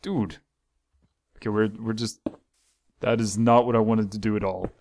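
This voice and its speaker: A man's voice: on the low side, fairly even intonation, moderate pace, background noise. A man hosting a casual let's-play, talking in an exasperated, scolding way while rambling about his game. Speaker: gaming channel host.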